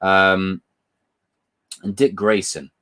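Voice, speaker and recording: A man's voice: deep voice, level tone, drawn-out words, a bit bright. A man hosting a casual live stream. He reads viewer questions aloud, answers them, swears casually and laughs a lot while telling stories.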